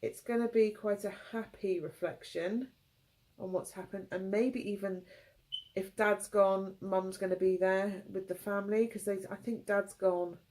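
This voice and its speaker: A tearful woman reads tarot cards for her viewers. Her voice is mellow and warm, and she talks in soft, halting phrases that break off and restart as she feels her way through the reading. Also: medium pitch, fairly even intonation, poor audio. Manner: halting, emotional, gentle phrasing. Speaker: tarot reader.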